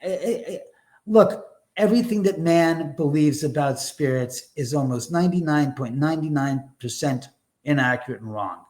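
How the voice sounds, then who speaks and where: His voice sits on the high side with a darkish tone, animated and at a moderate pace, as this haunted house owner guests on a live show. He rambles through lively conversational stories, emphatic and blunt, swearing mildly along the way.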